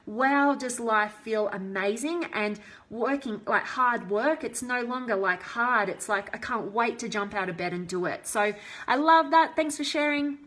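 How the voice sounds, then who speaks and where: A woman hosts a live stream as a motivational coach, answering viewer comments warmly, with heartfelt enthusiasm. Her voice is fairly high and her pace a little slow.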